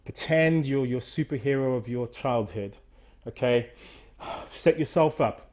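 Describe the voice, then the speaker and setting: An animated middle-aged man guides listeners through movement exercises over a video call. He talks like a coach and pushes hard through the repeated counts. His voice sits at a medium pitch. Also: unhurried. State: out of breath after exercise. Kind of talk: energetic guided demonstration.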